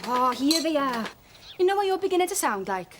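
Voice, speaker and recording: An actress playing an irritable young sister in a TV soap, sharp and needling. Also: female voice, high-pitched, big pitch swings, fairly quick, background noise. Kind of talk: TV soap drama.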